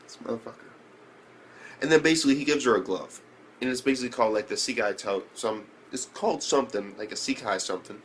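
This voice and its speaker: A young man reviewing an anime episode in casual speech, slangy and profane, who keeps jumping up in pitch when he reacts. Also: fast talker, fairly bright tone, a little hiss or hum.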